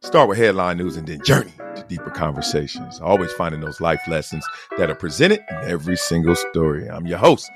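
A man's voice: deep voice, lively intonation, fairly quick, hardly any pauses. A man introducing his show with a bold, punchy delivery. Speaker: show host. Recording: music bed behind.

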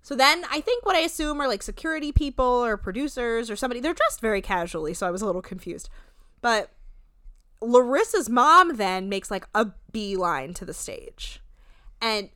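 Animated thirty-year-old woman podcaster. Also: no echo, studio quality. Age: 30s. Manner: animated retelling, shifting quickly between pitches. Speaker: podcast co-host. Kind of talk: casual chat recapping a TV show.

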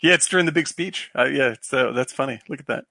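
A man with a gravelly, husky voice that sounds worn out. He rambles through a casual film chat, cursing and laughing as he goes. The sound is dry and close. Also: medium pitch, fast talker, bright, forceful tone, dry recording. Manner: rambling, swearing, laughing often. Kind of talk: casual chat about old films.

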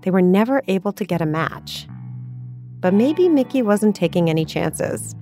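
A woman hosting a podcast, reading scripted narration in a measured way. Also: medium pitch, animated, mellow, soft background music.

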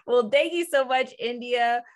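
A woman podcast host, effusive and gushing, higher voice. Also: unhurried. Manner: bubbly, effusive, says "so excited" often. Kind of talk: casual interview chat.

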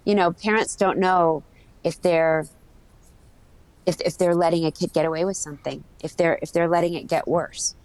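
A woman's voice: fairly low pitch, steady tone, moderate pace, a little mellow, no room sound. A middle-aged woman from the United States, talking candidly as a guest in an interview, rambling with many restarts.

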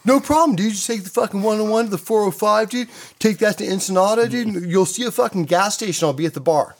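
A man's voice: high-pitched, fast talker, voice pushed up. A man voicing his flaky young surfer buddy on the phone in a breezy, swearing, dude-heavy manner. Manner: breezy, says dude constantly, swears a lot.

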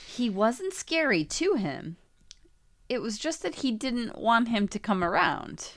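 A woman co-hosting a podcast, telling a story in a wry, animated way. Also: on the high side, slow pace, no room sound. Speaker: podcast co-host. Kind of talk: casual podcast chat.

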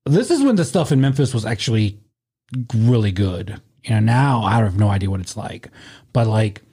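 Husky man telling a rambling story. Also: fairly low pitch, lively intonation, normal speed, warm tone. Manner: rambling, laughing, with many restarts and swearing. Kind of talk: casual storytelling chat.

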